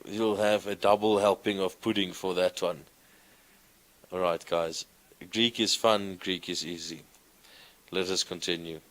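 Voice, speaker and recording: A man gives a classroom lesson in a fairly low voice. He speaks slowly and in an encouraging way, and he keeps asking his class questions. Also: fairly even intonation, fairly bright tone. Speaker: Greek teacher. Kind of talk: classroom lecture.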